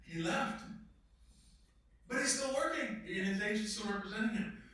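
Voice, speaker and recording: A man's voice: high-pitched, moderate pace, pushed and bright. A man, an actor, telling stories in an emphatic, blunt way with some swearing, as a guest at a filmmaker workshop. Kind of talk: animated storytelling in conversation. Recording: very echoey room, distant mic.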